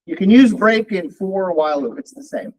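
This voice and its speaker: A man's voice: sits high, a little fast, poor audio. A man teaching a college programming class, thinking aloud as he types and runs code. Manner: relaxed, thinking aloud while typing code. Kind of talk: live coding lecture.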